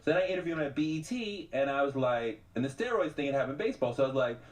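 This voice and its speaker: A middle-aged man telling stories as a guest on a radio show, animated and quick to act out the people he quotes. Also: mid-range voice. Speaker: podcast host and journalist guest. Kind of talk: radio interview conversation.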